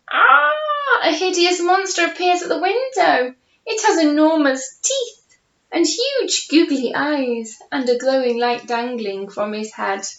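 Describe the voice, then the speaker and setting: Animated woman reading a children's story. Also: sits high, slight background noise. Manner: lively, playful, asks the young listeners questions. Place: home with a conservatory. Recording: roomy, dull home recording.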